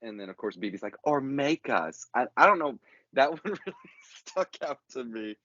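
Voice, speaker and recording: A man's voice: medium pitch, sing-song, fairly quick, bright, forceful tone, no room sound. A man chatting casually on a podcast, rambling and joking fondly about a film. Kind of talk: casual chat. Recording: dull, lo-fi, dry.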